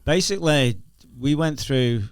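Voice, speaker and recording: A middle-aged Northern English man, a former explosive detection dog handler, guests on a casual podcast, chatting away, laughing through his anecdotes and restarting often. His voice is a little high and a little slow, smooth, and the recording is dry.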